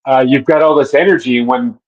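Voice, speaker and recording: A middle-aged man from Minneapolis, a stadium announcer, telling relaxed stories in a casual interview with soft laughs and fillers. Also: mid-range voice, a little fast. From Minneapolis, USA. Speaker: public address announcer. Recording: dull lo-fi audio.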